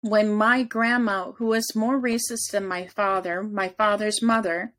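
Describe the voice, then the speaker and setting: Guest, female, earnest and steady storyteller, mid-range voice. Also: mid-range voice, a little slow. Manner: earnest, steady, telling personal stories. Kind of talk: casual conversation.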